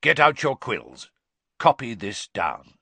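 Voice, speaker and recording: A man voicing a gruff, grizzled old male wizard teacher, barking and emphatic. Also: mid-range voice, big pitch swings, slow pace, sharp tone, dry recording, pitched above the performer's own voice, heavily acted. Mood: stern.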